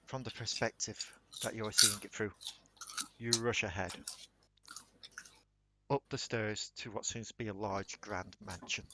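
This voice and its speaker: A man narrating a tabletop game as dungeon master, slow and dramatic. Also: lowish voice, fairly even intonation, very noisy.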